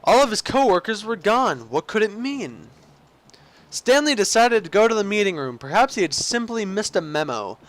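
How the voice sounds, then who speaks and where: High-pitched young man reading game narration. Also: big pitch swings, moderate pace, a bit bright, no room sound. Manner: goofy, rambling, with slips and restarts. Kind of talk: let's play commentary, reading the game's narration aloud.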